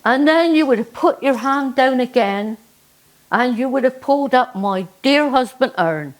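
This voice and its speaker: A chatty older Cornish woman with a Cornish accent, pitched high and fussing, as a woman puts her on. She frets aloud in a comic folk tale. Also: lively intonation, a little slow, rough recording. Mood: cheeky. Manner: fussing, breathless exclamations.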